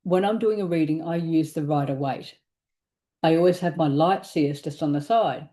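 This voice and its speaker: A woman co-hosting a tarot podcast, telling a story in a casual, animated way, laughing and acting out what people said. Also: deep voice, moderate pace. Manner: animated, laughing, acts out quoted speech. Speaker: tarot reader and podcast co-host.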